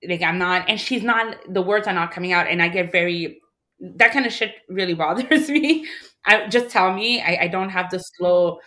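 Woman from Montreal, halting candid storytelling. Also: lowish voice, pushed and bright. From Montreal, Canada. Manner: emotional, halting, restarts sentences, acts out others' voices. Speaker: interview guest.

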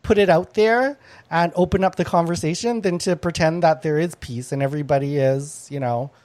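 A woman's voice: deep voice, brisk, a little mellow. A woman hosting a comedy panel chat, blunt and antagonistic, who laughs often between her lines. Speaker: panel show host.

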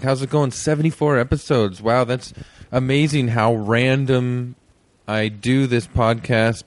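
A man's voice: medium pitch, a little mellow. A young man hosting a podcast, rambling and joking through a casual intro. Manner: rambling, self-deprecating, jokey. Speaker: podcast host.

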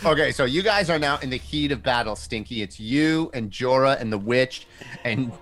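A man's voice: medium pitch, expressive, normal speed, a bit bright. A man running a tabletop game as game master, narrating loosely with many fillers. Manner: loose, chuckling, full of fillers.

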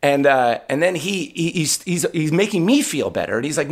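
A man guest on a podcast, telling a story about himself in a casual, animated, self-deprecating way. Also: on the high side, fairly quick, few pauses.

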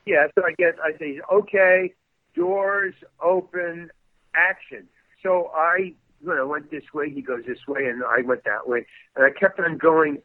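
A man's voice: on the high side, normal speed. A man telling a story in casual chat, stammering and restarting as he acts out the quotes. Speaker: guest actor telling a story. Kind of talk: casual anecdote, animated. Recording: dry, phone-like narrow sound.

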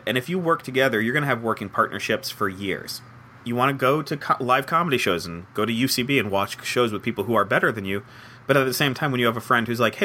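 A young man with a bright, forward voice talks through an interview about his writing job. He is animated and self-deprecating and acts out quoted lines in little voices. Faint background noise sits under the recording. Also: medium pitch. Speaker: head writer of a comedy show. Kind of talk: conversational interview answers.

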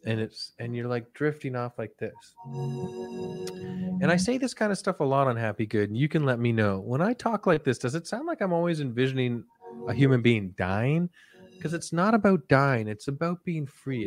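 A man hosting a podcast, rambling through a goofy, soft parody of a guided relaxation. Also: mid-range voice. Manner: rambling, goofy, softly drifting. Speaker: podcast host.

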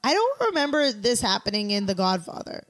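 A woman hosting a podcast, making quick, wry asides in a casual chat while watching a movie. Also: medium pitch, sing-song. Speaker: podcast host.

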